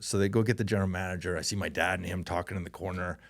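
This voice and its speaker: Canadian guy spinning a story in an interview, animated, lots of laughing, does little voices. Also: deep voice, racing. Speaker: podcast guest, former hockey player.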